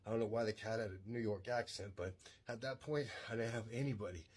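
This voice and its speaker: Blunt man in his forties, husky, spins his stories at speed over faint music. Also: on the low side, fast talker, darkish tone. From San Antonio, Texas. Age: 40s. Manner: rambling, blunt, self-assured. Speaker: podcast storyteller. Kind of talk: casual personal storytelling.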